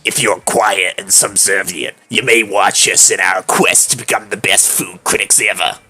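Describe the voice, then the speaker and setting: A man's voice: low-pitched, fairly even intonation, sharp tone, faint music behind, pitched below the performer's own voice, exaggerated voice, rough recording. A man putting on a haughty lordly princess. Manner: slow, drawling, lordly delivery. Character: haughty young princess, female, imperious and bossy. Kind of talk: voicing a game character while streaming.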